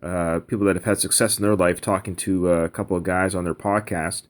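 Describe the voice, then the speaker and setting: A man's voice: sits low, steady tone, fairly quick. A man hosting a podcast, talking in a chatty, upbeat way with apologies mixed in. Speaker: podcast host. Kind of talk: podcast intro and outro.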